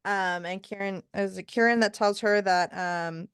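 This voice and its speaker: A woman co-hosting a casual book podcast, retelling the plot with animated quotes and sarcastic, swearing asides. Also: medium pitch, normal speed, clear, resonant tone, no echo, clean studio sound. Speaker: podcast co-host.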